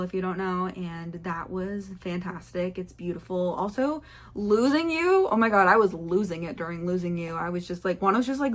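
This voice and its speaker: A young woman vlogger telling a rambling, excitable story about a concert, full of fillers and quoted asides. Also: mid-range voice. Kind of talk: chatty concert recap vlog.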